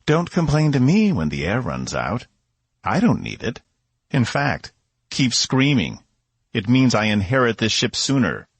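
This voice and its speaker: A man's voice: mid-range voice, huge pitch swings, unhurried, breathy edge, no echo, pitched above the performer's own voice, full character voice. A man voicing a smug, superior male mining robot in an audiobook.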